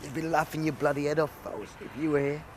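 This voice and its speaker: An actor playing a young Englishman who talks haltingly and tearfully to a lost friend, sighing between phrases. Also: on the high side, level tone, a little mellow, a little hiss or hum, lightly acted. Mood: grieving, scared. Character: grieving young man talking to a dead friend.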